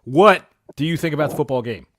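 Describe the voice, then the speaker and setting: Man hosting a podcast, joking and cursing, higher voice, dry close sound. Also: fast talker, fairly bright tone, no room sound. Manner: joking, teasing, profane. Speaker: podcast host. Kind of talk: casual podcast chat.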